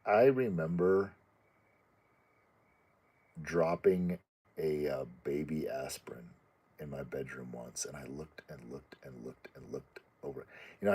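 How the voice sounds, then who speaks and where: A man with a very low, husky voice talks through viewer questions in loose, unscripted chat. His tone is dark and mellow, and he stops and restarts sentences often. Now and then he jumps up into a squeaky voice to act out his pets. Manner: rambling, halting, many restarts and fillers; acts out pet voices in a high squeaky tone. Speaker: channel host answering viewer questions. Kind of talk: casual chat.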